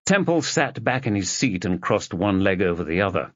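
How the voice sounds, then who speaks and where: A man narrating an audiobook in a steady, measured storytelling voice. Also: low voice, no echo, highs cut off.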